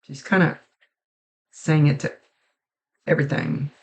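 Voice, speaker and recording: Gravelly-voiced woman giving a psychic reading. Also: low-pitched. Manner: halting, restarts sentences, relays messages in a soft conversational way. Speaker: psychic medium. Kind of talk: spoken mediumship reading.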